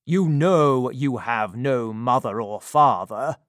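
A man voicing a stern, pompous older gentleman who scolds loudly in a storybook reading. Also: medium pitch, takes it slowly, no echo, studio quality. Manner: loud and scolding.

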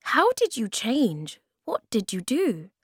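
A woman's voice: fairly high pitch, wildly swooping pitch, slow pace, breathy edge, no echo, clean studio sound, voice pushed up, heavily acted. A woman voicing a small, curious and anxious male creature in a storybook, with a lifted, questioning voice.

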